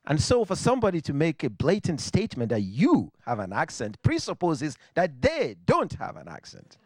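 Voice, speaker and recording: A man from Nigeria with a Nigerian accent, telling a personal story on stage to a live audience in a reflective, wry way with dramatic pauses. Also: on the high side, huge pitch swings, no room sound.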